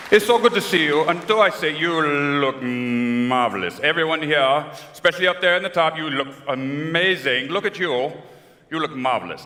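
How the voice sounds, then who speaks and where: A man playing a suave aging Latin film star with a put-on Spanish accent, gushing flattery at a convention crowd. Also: fairly high pitch. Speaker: convention guest performer. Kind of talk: live comedy impression on stage. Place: large convention hall. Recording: echoey hall with crowd.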